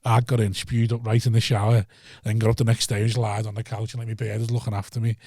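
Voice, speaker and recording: A man's voice: on the low side, flat delivery, quick pace, dark tone, no echo. A man, co-hosting a podcast and telling stories with lots of swearing and acted-out quotes. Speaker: podcast co-host. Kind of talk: casual chat.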